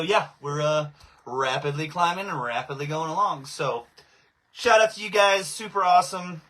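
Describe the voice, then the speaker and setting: A man's voice: on the high side, bright, forceful tone. A man hosting a casual livestream, rambling with fillers and out of breath after coughing. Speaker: host of a cannabis grower livestream.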